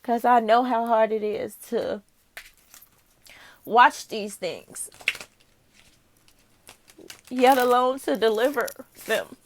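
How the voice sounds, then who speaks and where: A woman's voice: on the high side, takes it slowly, long pauses, a little hiss or hum. Candid, swearing woman reading tarot. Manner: candid and profane, with frequent laughs; musing aloud, talking straight to the viewer. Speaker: tarot reader.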